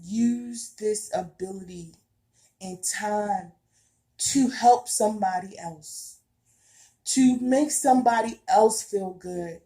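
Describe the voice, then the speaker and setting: Slow, mellow-voiced woman preaching earnestly. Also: medium pitch. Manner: earnest and emphatic, repeats herself, casual colloquial speech. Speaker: spiritual vlogger. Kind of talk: heartfelt spiritual monologue.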